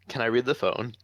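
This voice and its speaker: A man co-hosting a casual webcomic reading, quick and chatty. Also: medium pitch, dry recording. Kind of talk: casual chat.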